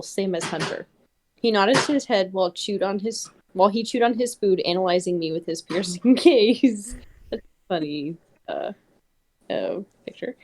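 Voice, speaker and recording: A woman reads a story aloud with a lively voice that rises and falls a lot. She is casual and chatty and stops now and then to comment on what she is reading. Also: mid-range voice. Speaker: reader and co-host.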